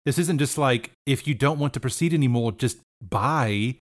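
A man's voice: medium pitch, normal speed, close to an everyday voice. A man voicing a blunt, practical adventurer in a tabletop game, who stammers a little.

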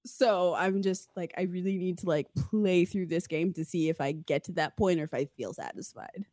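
A woman's voice: lowish voice, moderate pace, dark tone, no room sound, clean studio sound. Rambling young woman podcaster. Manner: rambling, many fillers, laughs often. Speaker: podcast co-host. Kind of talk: casual chat.

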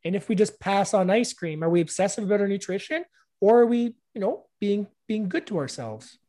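A man's voice: sits high, animated, brisk, dark tone. A middle-aged man hosting a casual conversation, who tells family stories and asks reflective questions.

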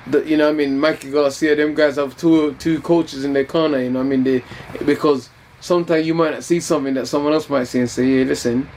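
A man's voice: a little high, fairly even intonation, fast, few pauses, darkish tone, slight background noise, low-quality recording. A man being interviewed during fight week, talking in a laid-back, teasing and rambling way.

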